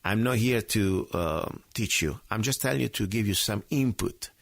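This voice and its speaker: A man hosting his own radio talk show, speaking in an impassioned, outspoken monologue that swings from loud emphasis to low asides. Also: expressive, normal speed, creaky, no room sound, studio quality.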